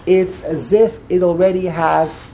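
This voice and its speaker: Brief: high-pitched, gravelly male teacher, patient verse-by-verse class with repeated explanations. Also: steady tone, dark tone, slight background noise, rough recording. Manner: explains slowly, repeats phrases, translates each term. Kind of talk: verse-by-verse text study.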